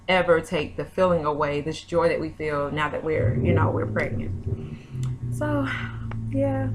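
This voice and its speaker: A woman's voice: deep voice, fairly bright tone, slight background noise. A young woman, vlogging in a chatty, rambling way full of fillers. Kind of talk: casual chat.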